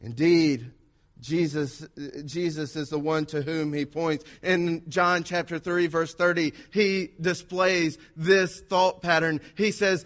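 A man with a high voice delivers a sermon. He preaches with energy and drama, acting out quoted speech as he goes. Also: steady tone, slow, a bit bright. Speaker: pastor.

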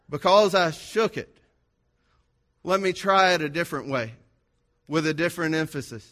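A man's voice: fairly high pitch, moderate pace, long pauses, a bit bright. A man preaching a sermon to his congregation, driving his points home with repeated, rhythmic phrases and a sing-song lift on key words. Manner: emphatic, repetitive, rhythmic lists. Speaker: pastor.

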